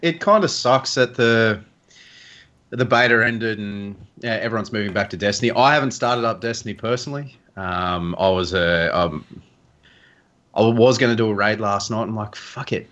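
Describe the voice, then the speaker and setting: A man co-hosts a gaming podcast, speaking slowly with plenty of ums and the odd swear. His voice sits on the low side. It comes through a dull, lo-fi online call. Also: a bit bright. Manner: teasing, drawn-out, with many ums and swearing. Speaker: podcast co-host. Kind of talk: casual gaming podcast chat.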